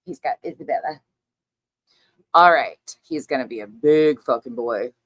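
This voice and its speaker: A woman's voice: rumbling low, moderate pace, dry recording. A middle-aged woman hosting a casual livestream chat, talking loosely, laughing often and swearing freely. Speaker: livestream host.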